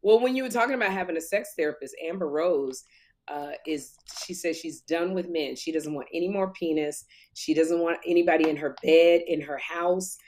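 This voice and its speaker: Woman in her thirties, lively storyteller. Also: on the low side, moderate pace. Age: 30s. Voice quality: animated storyteller who slips into impressions. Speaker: podcast co-host. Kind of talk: casual chat.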